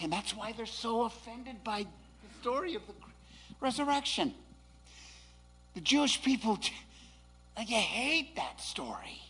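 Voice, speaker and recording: A man preaching a sermon, dropping to hushed asides and then rising to shouted proclamations. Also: extremely high pitch.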